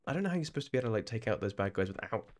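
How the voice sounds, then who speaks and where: A young man from England chats casually while live-streaming a game, his voice on the low side, very animated and rapid-fire. He rambles, restarts his phrases and laughs often.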